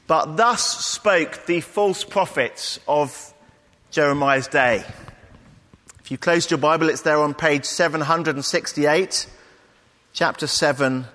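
A man preaching a sermon in a measured, conversational way. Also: on the high side, sharp tone, big-room sound.

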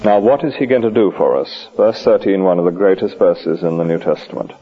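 Speaking a little fast in a deep, breathy-edged voice, a man delivers a lunch hour church sermon, posing question after question to the congregation with lively energy and rhetorical asides. Soft music plays in the background of this dull, lo-fi old recording.

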